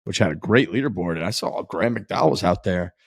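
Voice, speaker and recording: A man's voice: deep voice, quick pace, slightly rough, no room sound, studio quality. A young man co-hosting a golf podcast, rambling enthusiastically in casual chat, laughing and swearing. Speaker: podcast co-host.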